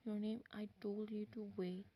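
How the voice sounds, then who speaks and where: A woman's voice: medium pitch, flat delivery, normal speed, mellow, slight background noise, natural voice. Woman voicing a young mafia boss man. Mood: insistent.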